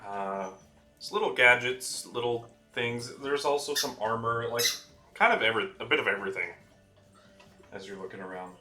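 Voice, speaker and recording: A man's voice: mid-range voice, moderate pace, bright, forceful tone, faint music behind. A man running a tabletop game as dungeon master, talking loosely with lots of fillers and laughter.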